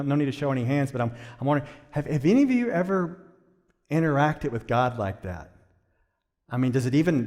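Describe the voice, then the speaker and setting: A male pastor delivering a sermon, building from quiet to loud emphasis and questioning the congregation. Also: a little high. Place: church sanctuary. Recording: long church reverb.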